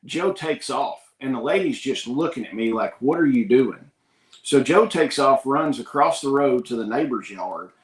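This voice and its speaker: A man's voice: mid-range voice, lively intonation, moderate pace, hardly any pauses. Kentucky man telling a story, roomy sound. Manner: folksy, rambling, acts out the voices in his story. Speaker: podcast host. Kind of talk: casual storytelling.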